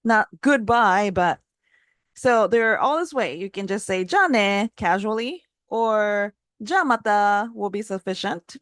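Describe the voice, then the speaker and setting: Woman teacher, casual lesson delivery, bouncy pitch on examples, dry close sound. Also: slow pace, no echo. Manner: models phrases with lively pitch jumps, laughs lightly. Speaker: Japanese language teacher.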